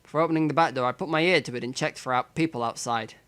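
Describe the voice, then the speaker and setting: Bright-voiced man reading a visual novel. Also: medium pitch, very fast. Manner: dramatic reading with joking, profane asides. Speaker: streamer.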